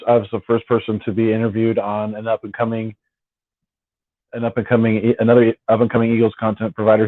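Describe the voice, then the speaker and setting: A man's voice: on the low side, dry recording. A man hosting a casual late-night fan live stream, rambling and repeating his words as he talks. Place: at home on the West Coast. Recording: dry, tinny phone-like sound.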